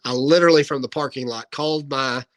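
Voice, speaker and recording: A professional wrestler appears as a guest in an interview, casually telling wrestling stories with animation and acting out the dialogue he quotes. His voice is bright and medium-pitched, he talks fast, and the audio is poor.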